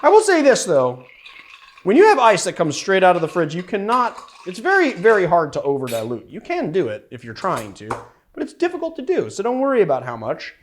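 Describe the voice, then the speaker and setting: A man's voice: sits high, huge pitch swings, fairly quick, a little hiss or hum. A young man hosting a cocktail show, chatting in a rambling, playful way with many fillers. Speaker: bartender host. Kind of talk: casual cocktail-making show.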